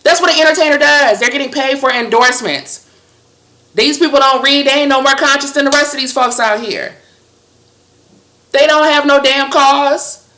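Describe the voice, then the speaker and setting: A woman's voice: high-pitched, normal speed, sharp tone, roomy sound. A woman delivering a heated, profane, scolding monologue with a sarcastic edge. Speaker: commentator.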